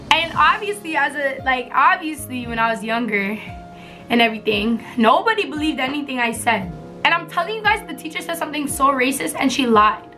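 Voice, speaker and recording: A young woman vlogger tells a story casually, full of slang and frequent laughter. Her voice is high and bright, and faint music plays underneath. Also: moderate pace. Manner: animated, laughs often, slangy and blunt.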